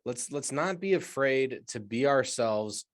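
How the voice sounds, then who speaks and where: A man's voice: mid-range voice, lively intonation, a little slow. A man co-hosting a podcast who gives a reflective, encouraging closing segment and often stops and restarts his sentences. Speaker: podcast co-host. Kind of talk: casual podcast segment wrap-up.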